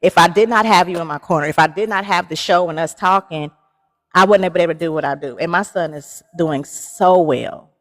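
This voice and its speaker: A chatty woman in her forties hosts a casual livestream, laughing often as she speaks directly to her viewers. Her voice is fairly low and fairly quick, and it rings out as if in a large hall.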